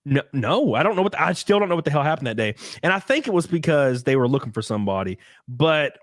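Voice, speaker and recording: A man's voice: fairly high pitch, quick pace, no room sound, clean studio sound. A man hosting a casual podcast, telling a story with lots of swearing and acted-out quotes. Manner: animated storytelling, acts out quotes with profanity. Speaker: podcast host.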